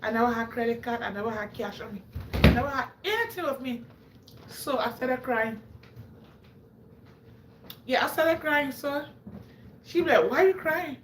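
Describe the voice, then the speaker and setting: A woman from Africa, hosting a livestream and telling a story in an animated way, laughing often and acting out quotes. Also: fairly high pitch, moderate pace, pauses often, roomy sound, noisy background. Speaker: livestream host. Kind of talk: animated storytelling to a live audience.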